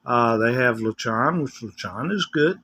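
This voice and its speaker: An older man with a West Tennessee drawl, talking to camera in an easygoing, rambling way. His voice sits at an ordinary pitch, and a faint hiss lies under it. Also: animated, measured pace, pushed and bright. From West Tennessee, USA. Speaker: vlogger. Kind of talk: casual chat.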